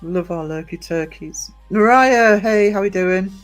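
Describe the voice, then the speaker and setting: High-voiced man chatting on a live stream. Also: steady tone, a little slow, soft background music. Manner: chatty, greets viewers by name, teasing, laughs often. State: low on energy. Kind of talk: casual live-stream chat reading out viewer comments. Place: gym.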